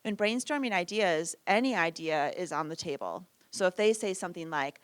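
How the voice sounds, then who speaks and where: A woman with a fairly low, expressive voice runs a parenting workshop at a normal pace with few pauses, and there's no room sound. Her manner is conversational, she often tags lines with "right?", and she acts out short lines from parents and children.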